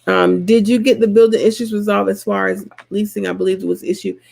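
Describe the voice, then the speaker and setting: Southern woman vlogger, mid-pitched with some vocal fry, animated and colloquial, chatting casually to camera. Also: a little fast. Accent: Southern American. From Georgia, US. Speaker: vlogger host answering subscriber comments. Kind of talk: casual chat.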